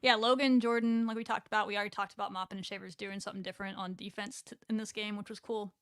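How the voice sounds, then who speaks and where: A woman's voice: mid-range voice, flat delivery, very fast, fairly bright tone, clear, resonant tone, no room sound, clean studio sound. A young woman co-hosting a casual sports recap show. She talks in a chatty way, laughs often and reads viewer comments aloud. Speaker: sports podcast co-host.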